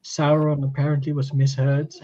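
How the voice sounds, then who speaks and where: A man co-hosting a casual reaction chat, measured and questioning. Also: a little high, completely flat delivery, mellow. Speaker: co-host. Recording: dull lo-fi sound.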